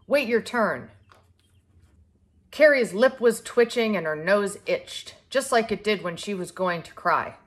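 A woman reading a children's picture book aloud to a young child in a clear, expressive way. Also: medium pitch, normal speed, few pauses. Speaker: storybook reader.

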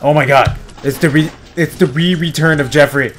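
A young man giving casual, rambling let's-play commentary from home, joking at his own expense and breaking into loud excited yells. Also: fairly high pitch, moderate pace, a little hiss or hum. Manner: rambling, self-mocking, bursts into loud excited yelling. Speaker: gameplay commentator. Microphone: desk microphone at home.

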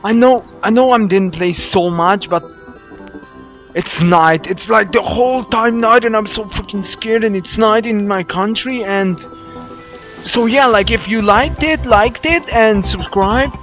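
A man's voice: sits high, a little slow, fairly bright tone, soft background music, poor audio. Jumpy young man with Slovenian accent, panicky. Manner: jumpy, panicky, swears and repeats himself. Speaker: gaming YouTuber. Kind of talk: scared horror gameplay commentary.

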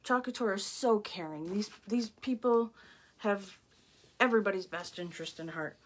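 A middle-aged woman with a medium-pitched voice, speaking at a normal pace, casually shows viewers a range of craft products in a live walkthrough. She gushes and exclaims as she goes.

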